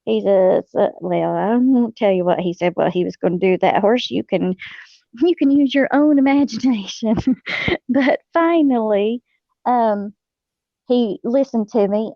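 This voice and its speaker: Gravelly-voiced woman telling stories. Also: mid-range voice, dry recording. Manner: folksy, laughs often, many fillers. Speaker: host. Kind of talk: casual storytelling chat. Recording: dull lo-fi sound.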